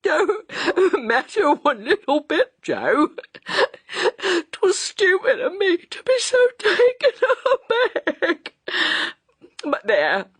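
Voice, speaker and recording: An audiobook narrator voicing an older, nervous landlady who is crying and laughing in a high, shaky voice. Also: fairly bright tone, breathy edge, no echo, full character voice. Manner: high-pitched, tearful, sobbing laughter. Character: older working-class landlady, nervous and emotional.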